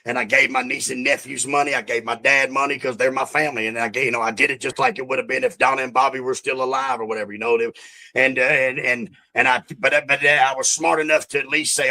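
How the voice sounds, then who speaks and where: A man's voice: mid-range voice, flat delivery, quick pace, bright, forceful tone, poor audio. A middle-aged man with a Southern US accent, a guest in a casual podcast interview, talking in a rambling, profane way with many restarts.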